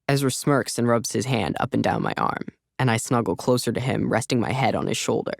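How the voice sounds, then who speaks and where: Gravelly, wry male audiobook narrator. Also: mid-range voice, expressive, brisk, no room sound, studio quality. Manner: wry, conversational. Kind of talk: audiobook narration, first person. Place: recording studio.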